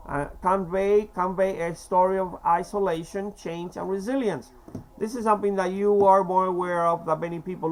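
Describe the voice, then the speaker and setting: A man's voice: on the high side, poor audio. Rambling older man, faint Cuban accent. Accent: slight Cuban Spanish accent. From Cuba. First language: Spanish. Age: 50s. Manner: halting, many fillers and restarts. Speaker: vlogger. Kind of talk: rambling casual monologue.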